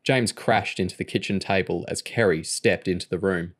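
Guy reading a book out loud, lowish voice, steady. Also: moderate pace. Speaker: audiobook reader. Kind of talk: reading a novel aloud.

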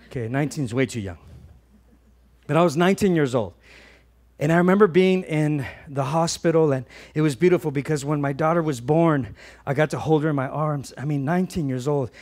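A middle-aged man preaching a sermon as pastor, telling a personal story with passion, swinging from loud to hushed. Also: on the high side.

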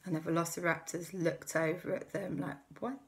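A woman's voice: on the low side, fairly quick. A woman host telling a playful, improvised children's story. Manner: playful, lively, many character voices.

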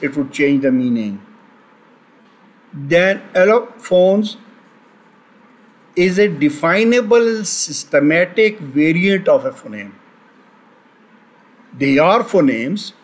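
Slow, halting male lecturer. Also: high voice, rough recording. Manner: halting, many fillers and restarts. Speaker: teacher. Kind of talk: recorded lecture.

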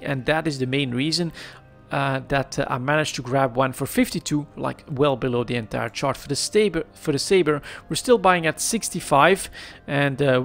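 A man's voice: a little high, fairly bright tone. A man hosting a casual commentary on a game's market, thinking aloud with many fillers and restarts into a desk microphone. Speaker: gaming market analyst host.

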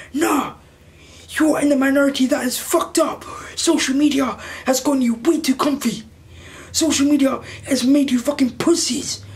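A man delivering an indignant, heated commentary rant to camera, swearing often and repeating phrases for emphasis. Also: very high voice. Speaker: YouTube commentator.

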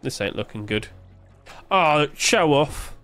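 A man's voice: a little high, expressive, slow, fairly bright tone, faint music behind. A man giving casual gameplay commentary, thinking aloud, puzzled and joking, with plenty of fillers. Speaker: streamer playing a game.

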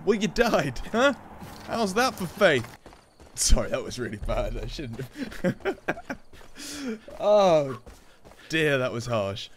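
A young man chatting excitedly through gameplay, joking and laughing at his own lines. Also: fairly high pitch, slow, long pauses, slight background noise. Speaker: gaming YouTuber. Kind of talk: casual gameplay commentary.

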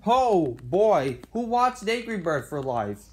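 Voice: medium pitch, very animated, slow pace, few pauses, a little mellow. A parody video maker giving a silly, rambling improvised voice-over, arguing back and forth with itself.

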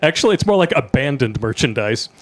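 A man's voice: medium pitch, sing-song, fairly quick. A man co-hosting a podcast, reading out news stories with mocking jokes and frequent laughter. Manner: joking, laughing at his own jokes, mocking. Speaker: podcast co-host. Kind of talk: casual comedic news commentary.

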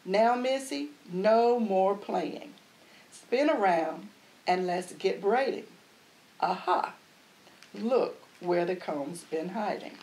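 A woman voicing a patient grown-up in a storybook who coaxes and gently teases a child while braiding her hair. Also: mid-range voice, animated, slow, rough recording. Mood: teasing. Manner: coaxing, gently teasing.

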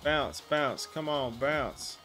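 A man's voice: medium pitch, expressive, slow, pushed and bright, faint music behind. Foul-mouthed speedrunner man venting. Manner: swearing, frustrated outbursts at the game. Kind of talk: profane live gameplay commentary.

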